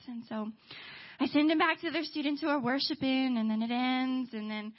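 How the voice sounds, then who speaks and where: A woman's voice: high-pitched, steady tone, moderate pace, highs cut off. A young woman on a campus ministry staff, telling a personal testimony story in a chatty way, full of "like". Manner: chatty, heavy use of "like".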